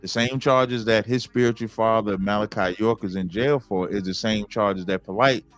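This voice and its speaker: A man talking as a guest on a podcast, telling stories in a relaxed, drawn-out way. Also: lowish voice. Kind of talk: casual podcast interview.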